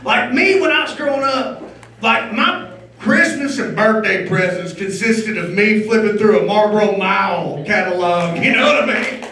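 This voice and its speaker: A middle-aged man doing a stand-up comedy set on stage, telling loud, punchy jokes with shouted bursts. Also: high-pitched, moderate pace, a crowd in the background. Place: comedy venue stage before a live audience. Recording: echoey room from far off.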